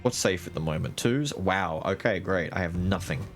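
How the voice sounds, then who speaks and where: A man streaming a card game live, narrating his strategy, swearing and trash-talking the other players, with bursts of loud excitement. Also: sits low, moderate pace, faint music behind. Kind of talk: live gaming commentary.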